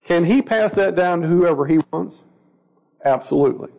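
Gravelly man teaching a Bible study. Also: a little high, normal speed, darkish tone, long reverb tail. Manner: asks the group questions, stumbles and restarts. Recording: dull lo-fi recording.

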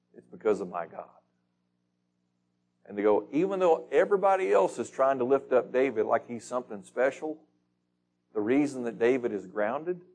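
A man's voice: medium pitch, darkish tone. A man leading a Bible study, reading scripture aloud and putting questions to the group in a casual, conversational teaching manner.

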